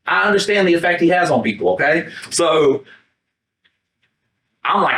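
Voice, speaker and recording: A man's voice: a little high, normal speed. A man co-hosting a podcast, telling a story in casual chat with lots of swearing and acting out his own quotes. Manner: animated, profane, acts out his own quotes. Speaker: podcast co-host. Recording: roomy sound from a distant mic, not the podcast mics.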